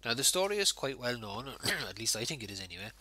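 A man's voice: mid-range voice, sing-song, fast talker, sharp tone, slight background noise. A man with an Irish accent, a pastor giving an informal home worship sermon in a conversational way with fillers.

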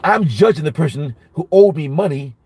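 A man teaching a Bible study as a minister, telling a personal story in a lively sermon style and repeating each phrase for emphasis. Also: on the high side, normal speed, breathy edge.

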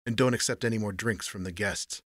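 A man doing a gruff hotel detective. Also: on the low side, fairly quick, fairly bright tone, dry recording, studio quality. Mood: curt. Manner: growling, curt, clipped. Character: hard-boiled male hotel detective, gruff and terse.

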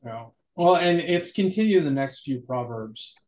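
A church podcast co-host on a casual talk show jokes and thinks out loud in an animated way before reading scripture verses. His voice sits in the mid range at a moderate pace.

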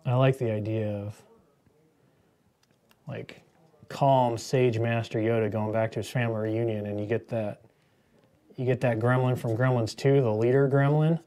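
Host type: man in his thirties, mellow tone, jokey rambling painter chat. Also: medium pitch, fairly even intonation, moderate pace, long pauses. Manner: joking, rambling into movie tangents. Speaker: miniature painter hosting a painting stream. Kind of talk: casual painting demo chat.

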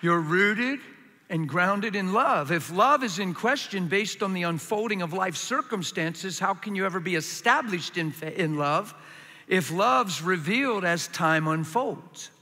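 A man preaching a sermon to a crowd in a large hall, passionate, acting out complaining voices in a higher tone. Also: lively intonation, a little slow, pushed and bright.

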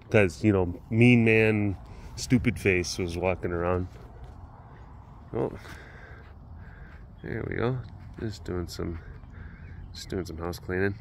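A man hosting a casual walkaround vlog at a big cat rescue, chatting, laughing often and cooing softly to the cats. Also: sits low, slight background noise. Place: outdoors at an animal compound.

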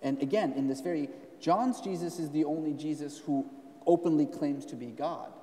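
A man's voice: on the high side, normal speed, warm tone. A man, an author and scholar, explaining at length in a live onstage conversation, with emphatic stresses. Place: event stage in a hall. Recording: roomy hall, voice from a distance.

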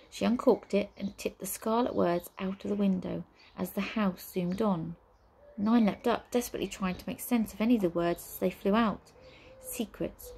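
A woman reading a children's storybook aloud in a steady, measured way. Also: medium pitch, gravelly, slight background noise, poor audio. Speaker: audiobook reader. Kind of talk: storybook narration.

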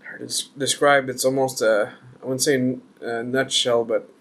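A man's voice: mid-range voice, steady tone, normal speed, fairly bright tone. A man reviewing a beer on camera, chatty and joking as he thinks aloud. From Canada.

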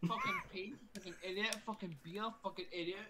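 A man's voice: high voice, fairly quick, crowd noise. A drunk man, ranting and swearing repetitively while chatting during a game session. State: drunk, slurring. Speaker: guest gamer. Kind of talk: drunk casual game chat. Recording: noisy home mic.

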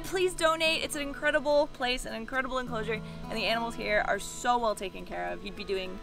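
A woman's voice: a little high, fast talker, creaky, few pauses, fairly bright tone, faint music behind, low-quality recording. A woman guest at an outdoor animal enclosure, speaking in an earnest, impassioned way. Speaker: visiting guest. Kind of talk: casual chat.

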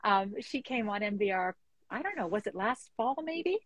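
Husky-voiced woman co-host, dry sound. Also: medium pitch, expressive, normal speed, no room sound, lo-fi sound. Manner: friendly, informative announcements. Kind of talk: casual chat.

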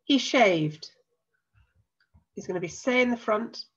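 A woman teacher with an English accent and a cold, patiently explaining a recorded lesson and slowing down to spell things out. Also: a little high, animated, husky, highs cut off. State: has a cold.

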